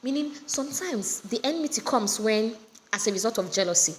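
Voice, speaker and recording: A woman with a Nigerian English accent gives a casual, lively recorded lesson on a poem, often questioning her students. Her fairly high voice moves briskly. She's at home with generators running nearby, and the reverberant audio carries faint generator noise.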